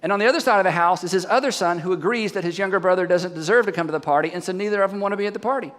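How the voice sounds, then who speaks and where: A man with a high voice delivers a sermon, telling a story in an animated way and firing questions at his listeners. His voice carries a long hall reverb, as if in a church hall. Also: racing. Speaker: pastor.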